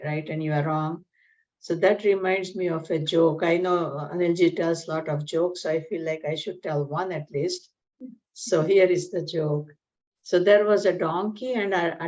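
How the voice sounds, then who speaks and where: Woman giving a gita class, lowish voice, chatty explaining, kinda muffled recording. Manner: warm and conversational, explains Sanskrit terms. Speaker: Gita study class teacher. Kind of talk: spiritual lecture with a joke. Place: community class room. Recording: dull lo-fi lecture recording.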